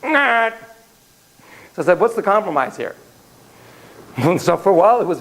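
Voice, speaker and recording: Brief: animated male lecturer, lively and self-deprecating, slightly high voice, faint room noise. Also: fast talker, long pauses, poor audio. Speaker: lecturer on child psychotherapy. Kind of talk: classroom lecture with anecdotes.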